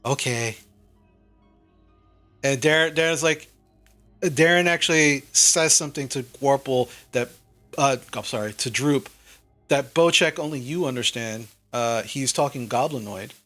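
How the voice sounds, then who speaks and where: A man's voice: medium pitch, measured pace, pauses often, a bit bright, soft background music. A man narrating a tabletop game as game master in a loose way, with many fillers.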